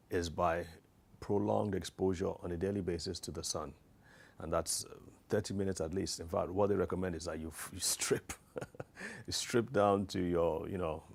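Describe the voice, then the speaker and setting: A man's voice: low-pitched, gravelly, darkish tone. A man giving an informal educational health talk, earnest and hesitant with frequent restarts and fillers.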